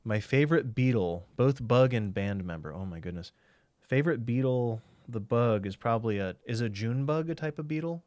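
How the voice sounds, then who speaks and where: A man's voice: medium pitch, expressive, normal speed, a little mellow, no echo, studio quality. A man streaming a game, chatting casually and thinking aloud while he answers chat.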